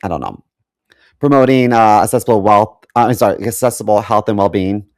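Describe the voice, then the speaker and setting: A man's voice: on the low side, fairly quick, a little mellow, no echo, studio quality. A man co-hosting a podcast in casual chat, hesitant with many ums and wry asides. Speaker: podcast co-host.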